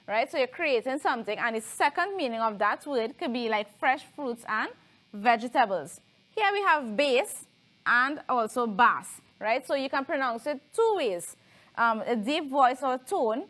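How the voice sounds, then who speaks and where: A woman's voice: sits high, a bit bright. A woman teaching a televised lesson, explaining patiently and often checking in with tag questions.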